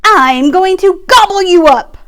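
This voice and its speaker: A woman voicing a nasty, greedy troll who shouts and growls threats in a read-aloud storybook. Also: medium pitch, expressive, slow pace, smooth. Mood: shouting.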